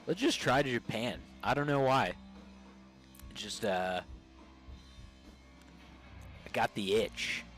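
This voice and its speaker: A man of ordinary pitch chats on a livestream, rambling and hesitant, full of "like" and "you know". Faint music plays behind his voice. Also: lively intonation, slow pace, long pauses, a bit bright, low-quality recording. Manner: rambling, hesitant, lots of fillers. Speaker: streamer chatting with strangers. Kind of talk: casual livestream chat.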